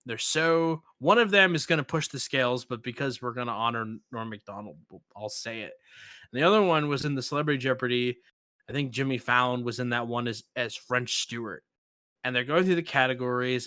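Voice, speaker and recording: A man's voice: mid-range voice, normal speed, smooth, dry recording, studio quality. A man hosting a podcast, chatting casually and animatedly acting out the jokes he retells. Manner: animated storyteller, acts out quotes. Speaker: podcast host.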